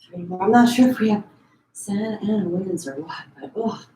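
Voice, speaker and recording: A woman's voice: medium pitch, mellow, slight background noise. Woman counting reps in an echoey room. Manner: counts down reps with quick form cues. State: a bit out of breath. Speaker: pilates instructor. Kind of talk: live online fitness class cueing. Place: her home.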